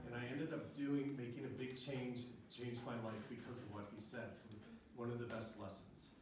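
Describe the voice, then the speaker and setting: A middle-aged man shares a personal story before a live audience at a small venue, speaking at a moderate pace in a level, medium-pitched voice. He's chatty, laughs a lot, and uses many fillers. The recording is very echoey and distant, with audience noise.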